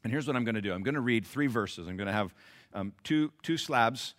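A man delivers a sermon, his pitch moving a great deal as he alternates between loud, driving emphasis and soft, confiding asides. His tone is bright and forward, and his delivery is animated. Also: fairly quick. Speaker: pastor.

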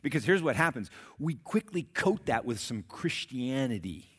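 A man preaching a sermon, asking his congregation questions and swinging between loud emphatic peaks and quiet low passages. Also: big pitch swings, moderate pace, slightly rough. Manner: asks the congregation rhetorical questions. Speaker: pastor.

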